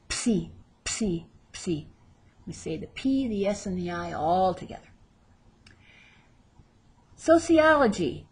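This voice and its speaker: A woman teaching a vocabulary lesson, drawing out each word slowly as she models pronunciation. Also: fairly low pitch, darkish tone, breathy edge. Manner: slow, drawn-out model pronunciations. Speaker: Spanish teacher.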